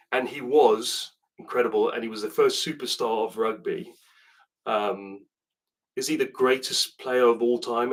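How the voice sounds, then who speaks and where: A man from South Africa with a softened southern English accent, chatting casually to camera as a rugby host. He rambles and doubles back on himself, with a mid-range voice. The recording keeps him slightly distant from the mic. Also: medium pitch. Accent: British, southern English. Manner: chatty and rambling, with asides and restarts. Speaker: rugby video host answering viewer questions.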